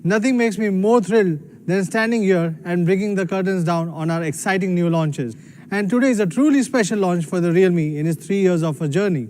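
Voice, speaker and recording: A man's voice: high voice, fairly quick, a little mellow. A man giving a proud, emphatic scripted keynote as a company executive.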